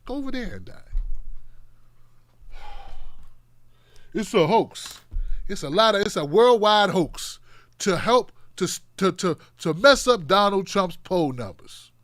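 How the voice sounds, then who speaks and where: Male live-stream host, high voice, bone-dry sound; sarcastic, animated chat-reading. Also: takes it slowly, long pauses, dry recording. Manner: animated, sarcastic, swinging between loud outbursts and muttering. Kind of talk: live-stream commentary reading viewer comments.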